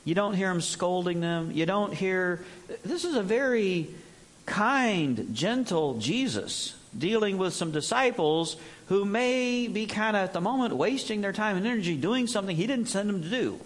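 A man's voice: high voice, lively intonation, moderate pace. A male preacher giving a conversational Bible teaching and telling the story with animation, acting out the quotes.

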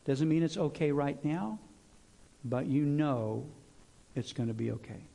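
A middle-aged man preaches a sermon in a lively, conversational voice that sits a little high for a man. He talks to his congregation casually and has them repeat lines back to him. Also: measured pace, vocal fry. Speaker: pastor.

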